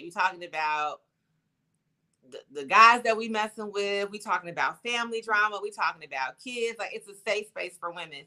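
A woman co-hosting a casual chat podcast, relaxed and talkative with lots of fillers. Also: medium pitch. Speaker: podcast co-host.

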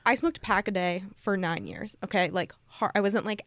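A woman's voice: mid-range voice, normal speed, a bit bright, dry recording. A woman co-hosting a podcast, chatting frankly with lots of fillers and reading out a listener's question. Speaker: podcast co-host.

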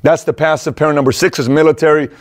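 A middle-aged man with a slightly high voice talks fast in a steady tone. As a show host speaking casually and energetically straight to camera, he now and then acts out parents in raised voices.

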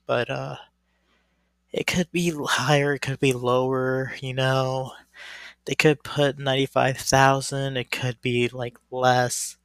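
Rambling gravelly man chatting solo. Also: medium pitch, little pitch movement, slow, a bit bright, no echo. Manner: rambling, filler-heavy, many restarts. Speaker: wrestling podcast host. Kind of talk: casual solo commentary.

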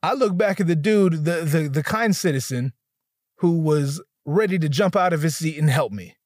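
Animated profane man telling a story. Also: a little high, normal speed, no room sound, clean studio sound. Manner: animated, profane, acts out quotes in shifting voices. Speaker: stand-up comedian. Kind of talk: stand-up storytelling.

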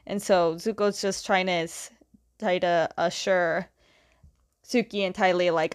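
A woman casually recapping a story, chatty, retelling scenes with lots of "like" and quick quoted lines. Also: fairly low pitch, fairly even intonation, dry recording, clean studio sound. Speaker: comic recap talker.

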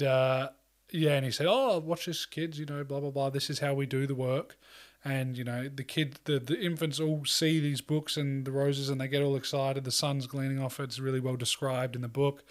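A man talking casually in a rambling way, full of fillers and swearing, acting out quoted lines. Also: mid-range voice. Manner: acts out quoted lines in a loose voice. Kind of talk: casual chat.

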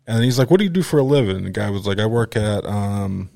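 A man's voice: fairly low pitch, quick pace, vocal fry, few pauses, dry recording. Philly guy telling a story on a podcast, doing everyone's voices, dry close mic. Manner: animated, acts out other people's lines with profanity and laughter. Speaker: podcast host. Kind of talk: casual storytelling chat.

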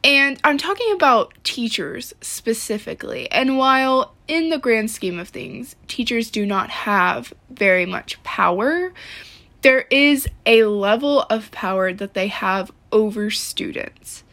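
A woman's voice: fairly high pitch, lively intonation, measured pace, pushed and bright. A woman talking casually to camera in a rambling way, full of "like" and swearing. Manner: rambling, heavy use of "like", frequent swearing. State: upset, close to tears. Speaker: vlogger.

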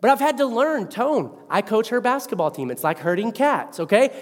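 A man preaching a sermon as pastor, animated and acting out the voices in his stories. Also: high-pitched, moderate pace. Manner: animated storyteller who acts out quotes. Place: church. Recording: long hall reverb.

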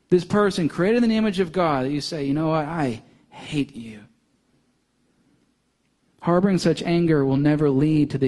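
A young male pastor preaching a sermon, earnest, building to intense emphasis and then dropping soft. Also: on the high side.

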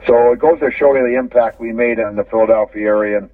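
A man's voice: medium pitch, fairly even intonation, quick pace, no room sound. Older man telling stories over a phone line. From Canada. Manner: rambling, repeats words, chuckles while telling stories. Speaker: guest, former hockey player. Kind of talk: casual storytelling interview. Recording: phone-line audio from a distance.

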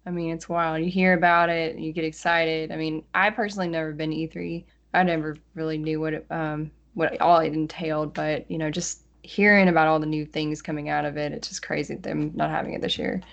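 A woman's voice: sits low, little pitch movement, brisk, vocal fry, hardly any pauses, dull audio. A woman chatting casually, telling stories and laughing easily. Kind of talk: casual chat.

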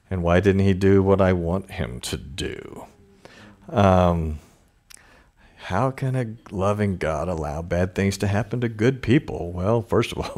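A man's voice: sits low, darkish tone. A man preaching a conversational sermon, with informal asides and chuckles. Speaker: pastor.

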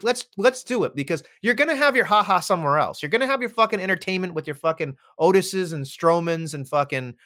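A man's voice: on the high side, fairly bright tone. A man co-hosting a wrestling podcast, ranting heatedly and swearing constantly in casual chat. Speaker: podcast co-host.

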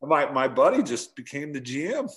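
A man, a former pro catcher in his forties, telling stories from his playing days in a casual interview, acting out shouted lines as he goes. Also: mid-range voice, moderate pace. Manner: animated storyteller, acts out yelling quotes.

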